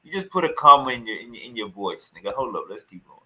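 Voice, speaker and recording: A male streamer giving loud, teasing reaction commentary, repeating his taunts again and again. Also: medium pitch, sing-song, fast talker, rough recording.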